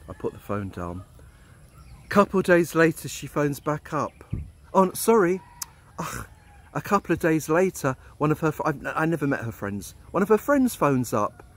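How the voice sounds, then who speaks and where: A man's voice: on the high side, very animated, normal speed. A middle-aged man, an expat vlogger telling a personal story in a candid, blunt way. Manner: candid, blunt, swears freely. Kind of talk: storytelling monologue.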